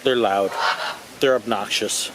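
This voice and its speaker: A man's voice: lowish voice, steady tone, unhurried, background noise. A middle-aged man casually narrating a walk around an outdoor zoo, with wry, joking tour-guide remarks. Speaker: vlog host.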